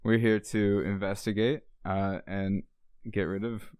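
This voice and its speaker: Dude playing a captain in a tabletop game, kinda low voice, goofy. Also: male voice, flat delivery, unhurried, a little mellow, clean tone, dry recording, studio quality. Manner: playful, joking. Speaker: player. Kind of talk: in-character role-play.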